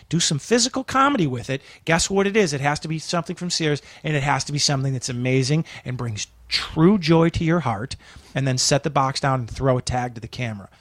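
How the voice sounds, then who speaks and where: A man's voice: medium pitch, no echo. A man telling a long comic story as a podcast guest, swearing often, acting out the other people's lines and laughing through them. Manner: acts out characters, swears, laughs a lot. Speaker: comedian guest. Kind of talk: animated storytelling.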